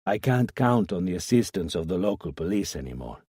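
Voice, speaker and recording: A man's voice: deep voice, sing-song, fairly quick, mellow, breathy edge, dry recording, studio quality, exaggerated voice. A man voicing a determined, insistent detective pressing a contact for help.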